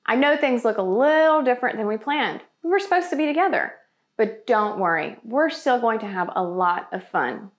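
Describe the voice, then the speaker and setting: A woman's voice: a little high, animated, moderate pace. A woman hosting a children's church video, talking in an upbeat, enthusiastic way. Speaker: children's ministry host.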